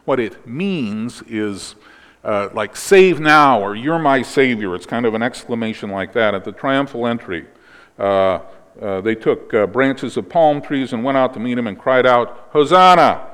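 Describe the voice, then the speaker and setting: A man's voice: medium pitch, moderate pace, clear, resonant tone. Man preaching in a reverberant space. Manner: explanatory teaching, ends in prayer. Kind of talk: sermon.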